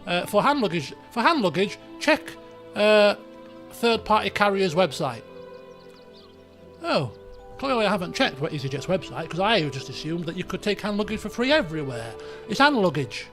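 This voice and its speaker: High-voiced man telling a rambling story. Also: normal speed, soft background music. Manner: animated storyteller, many restarts and asides. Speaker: let's play host. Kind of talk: rambling personal anecdote.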